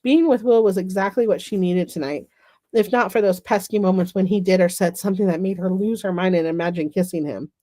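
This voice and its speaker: A woman's voice: on the low side, fairly quick, mellow, no echo. A woman author reading her own romance novel aloud, with self-deprecating asides.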